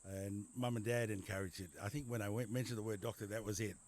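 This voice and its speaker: Fast and fairly even in intonation, this man's voice is fairly low with a darkish tone. He's a middle-aged GP from Papua New Guinea with an Australian accent, telling his life story in an interview in a wandering way, full of repetitions and fillers.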